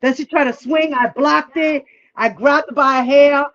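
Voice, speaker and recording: A woman's voice: high-pitched, fairly even intonation, normal speed, a bit bright, dull audio. A woman telling a personal story in a casual, candid and profane way, often acting out what people said. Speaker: livestream guest.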